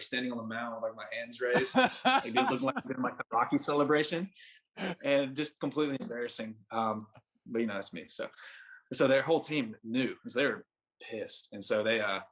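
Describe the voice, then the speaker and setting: A young adult man, a baseball pitcher appearing as a podcast guest, tells a long, casual story in a laid-back, rambling way packed with "like" fillers. His voice is medium in pitch and a bit bright.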